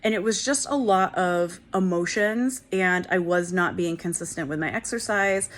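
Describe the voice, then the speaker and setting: A woman's voice: fairly low pitch, moderate pace, fairly bright tone. A woman in her forties hosting a wellness channel, telling a personal story to camera in a candid, chatty way with playful asides. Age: 40s. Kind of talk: casual talk to camera.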